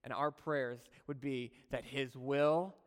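A man's voice: mid-range voice, steady tone, takes it slowly, big-room sound. A man preaching a sermon in a conversational way, mixing teaching with chuckling personal asides.

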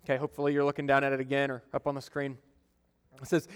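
Young adult male pastor, conversational sermon, smooth voice, long church-hall reverb. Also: medium pitch, completely flat delivery, very fast. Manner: conversational, storytelling with acted-out quotes. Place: church sanctuary.

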